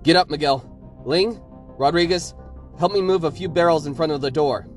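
A man's voice: fairly high pitch, moderate pace, soft background music, pitched above the performer's own voice, lightly acted. A man voicing a soldier who leads his squad and barks urgent orders in an audio story. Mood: urgent command. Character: commanding male soldier leading his squad.

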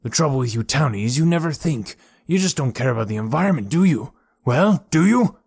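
Gruff menacing forest thug, as an audiobook narrator does him, sneering, hostile, bullying, dry close sound. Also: male voice, medium pitch, a little fast, no room sound. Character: menacing gruff adult male forest dweller. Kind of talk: audiobook character voice.

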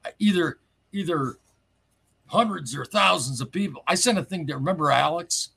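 A man telling a personal story in casual, rambling talk, excitable and full of asides. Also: on the high side, normal speed, gravelly, breathy edge. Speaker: caller telling his story.

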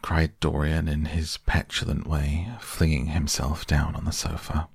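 Bedtime audiobook narrator, male, very deep and gravelly, soft and unhurried. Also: flat delivery, dry recording, studio quality. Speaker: podcast narrator.

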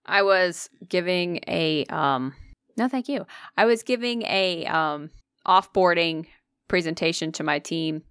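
A woman's voice: lowish voice, unhurried, a bit bright, clear, resonant tone, no echo, studio quality. A woman co-hosting a podcast, chatting casually with swearing and self-deprecating jokes. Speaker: podcast co-host. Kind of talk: casual chat.

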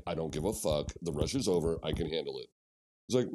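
A man's voice: very deep voice, fast talker. A man from Missouri, a podcast guest, telling casual stories full of swearing and acted-out quotes. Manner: profane, animated anecdotes with acted-out quotes. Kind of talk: casual storytelling.

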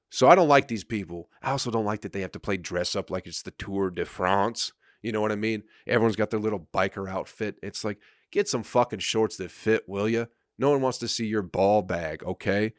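A man's voice: on the low side, no echo, studio quality. A man hosting a podcast, ranting with crude, mocking swearing. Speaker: podcast host. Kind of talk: profane comedic rant.

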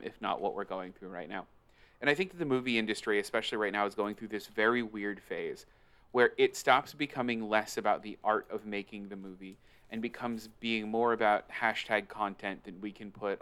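A man's voice: on the low side, a bit bright, clear, resonant tone. A man co-hosting a casual movie podcast, teasing his friends and laying out a theory at length. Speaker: podcast co-host. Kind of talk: casual movie review chat.

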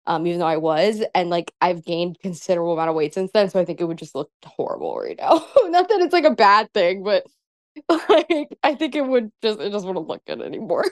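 A woman's voice: fairly low pitch, lively intonation, brisk, no echo. A young woman being interviewed, chatting casually, laughing often and filling her talk with "like". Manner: giggly, lots of "like" fillers. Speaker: pro wrestler guest.

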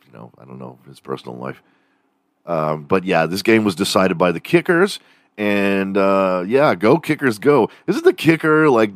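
A young Texan man rants casually on his own podcast, swearing freely and wandering off topic. His voice sits low and deep. It sounds close and dry, with no room around it. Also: no echo. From Texas. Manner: profane, rambling, mimics accents for jokes. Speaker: podcast host. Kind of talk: casual rant.

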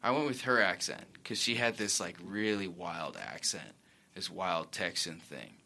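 A man's voice: low voice, lively intonation, a little slow, creaky, bright, forceful tone. A man, an actor guest, telling stories in a rambling, self-correcting way on a casual talk show. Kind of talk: casual interview chat.

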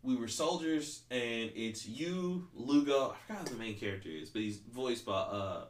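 Brief: male podcast host, loose and profane, filler-heavy storytelling, mid pitch, roomy echo. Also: expressive, normal speed. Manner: rambling, profane, heavy use of "like". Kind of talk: casual chat.

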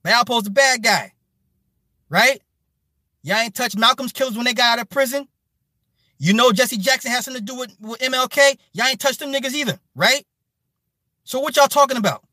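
Man, high bright voice, profane rambling rant, live stream commentary, dry close sound. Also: a little fast, long pauses, no echo. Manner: profane, heated, rambling with repeated words. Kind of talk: ranting commentary to a live chat.

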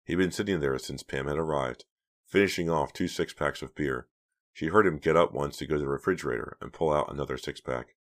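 A man with an extremely deep voice narrates a novel for an audiobook. He reads steadily, in a storytelling way. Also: brisk. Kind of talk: scripted narration.

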